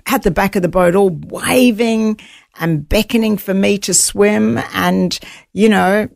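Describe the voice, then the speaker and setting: A woman's voice: medium pitch, unhurried, gravelly, darkish tone, no echo, clean studio sound. A woman guest in an interview, earnestly telling a personal story and voicing her own thoughts aloud.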